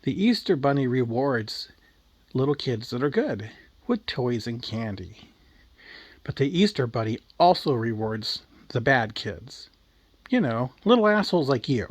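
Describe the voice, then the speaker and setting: A man voicing a sharp-tongued, vengeful old grandmother who scolds and tells a grisly tale. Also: medium pitch, sing-song, a little slow, dry recording. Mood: storytelling.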